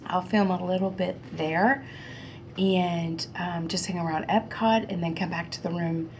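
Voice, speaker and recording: A woman's voice: fairly low pitch, fairly even intonation, unhurried, a little hiss or hum. A middle-aged woman from Ohio vlogging casually to camera, stuffy-nosed from allergies, chatty and rambling with lots of ums. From Ohio, United States. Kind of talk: casual vlog chat to camera.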